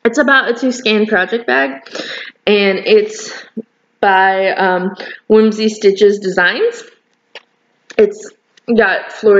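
A woman's voice: medium pitch, highs cut off. A young woman hosting a knitting video podcast, chatting casually and gushing with lots of fillers. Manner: rambling, gushing, many fillers. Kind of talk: casual chat to camera.

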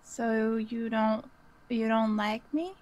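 A woman's voice: fairly high pitch, level tone, slow, darkish tone. A woman voicing a naive, childlike young woman who asks blunt, innocent questions.

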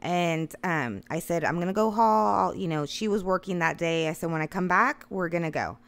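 A woman's voice: on the low side, moderate pace. A woman in her thirties casually telling a long funny story, swearing freely and laughing along the way. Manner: profane, animated, laughing. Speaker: storyteller guest.

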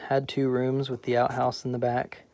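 An easygoing middle-aged friend reminisces about hard times in a relaxed drawl, as a man reads him. The voice is mellow and level, close and dry. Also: mid-range voice, moderate pace, no echo, natural voice. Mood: reminiscing.

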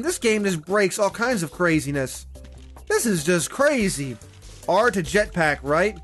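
A young man giving excitable, casual gameplay commentary as the channel's host, swearing often and breaking into loud outbursts. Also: sits high, measured pace, faint music behind.

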